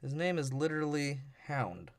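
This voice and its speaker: A man co-hosts a casual movie-review podcast, trading crude jokes and quick character impressions. His voice is fairly high and swings widely in pitch. It sits close and dry on the mic. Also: very animated, no echo. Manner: joking, mimics characters in quick bits. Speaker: podcast co-host.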